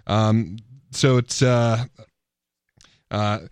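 A man's voice: lowish voice, fairly even intonation, very slow, smooth, no room sound, clean studio sound. A man co-hosting a talk radio show, joking sarcastically and reading passages aloud. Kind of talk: casual radio banter, reading quotes aloud.

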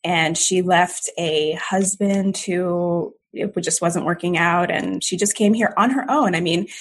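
A middle-aged woman from Jamaica, raised in America and speaking like an American, talking as a podcast guest in a lively, self-deprecating way with frequent laughs. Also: fairly low pitch, unhurried, a little hiss or hum. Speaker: podcast guest, comedian and author. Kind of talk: casual interview conversation.

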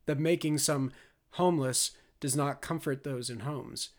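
A man reading scripted audiobook narration in a measured, grave manner. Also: a little high, steady tone.

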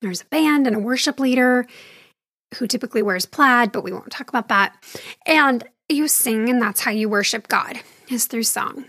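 Woman, candid personal storytelling, slightly high voice, dry close sound, wry asides. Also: moderate pace, a bit bright, no room sound. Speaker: speaker sharing her faith journey.

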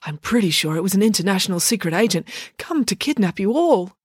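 A woman's voice: mid-range voice, big pitch swings, quick pace, husky, no room sound, studio quality, pitched above the performer's own voice. A woman voicing a nervous, paranoid middle-aged father who startles at everything. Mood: jittery. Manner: nervous, alarmed exclamations.

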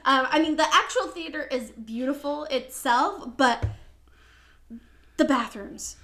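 A young woman with a high voice co-hosts a podcast, chatting casually. She is enthusiastic and laughs easily as she talks. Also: a little slow, sharp tone. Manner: giggly, enthusiastic. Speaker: podcast co-host. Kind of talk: casual chat.

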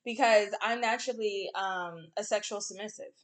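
A woman's voice: mid-range voice, normal speed. A young woman co-hosting a podcast, talking bluntly in casual chat and acting out quotes. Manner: blunt, animated storytelling with acted-out quotes. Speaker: podcast co-host.

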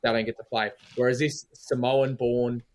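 An Australian man in a loose sports podcast debate, pushing his argument hard. His voice sits at a middling pitch, and he keeps tagging his points with a quick "right?" to pull the others along. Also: flat delivery. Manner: emphatic, argumentative, leans on "right?". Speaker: podcast co-host.

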